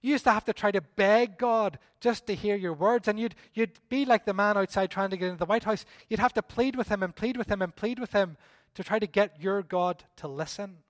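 Male pastor, high voice, animated emphatic sermon delivery, dry close sound. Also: a little fast, no room sound. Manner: animated, emphatic, with repeated appeals. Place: church service.

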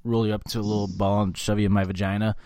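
A young man co-hosting a podcast, telling loose, profane stories in casual chat and loudly acting out what people said. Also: fairly low pitch, little pitch movement, fast talker, no room sound, studio quality. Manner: swearing storyteller, acts out quotes loudly. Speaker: podcast co-host.

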